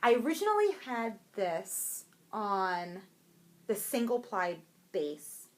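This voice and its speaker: A young adult woman co-hosting a podcast, chatting casually and excitedly about yarn she bought, rambling and breaking off her own sentences. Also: mid-range voice, slow pace. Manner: bubbly, rambling, self-interrupting. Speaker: podcast co-host.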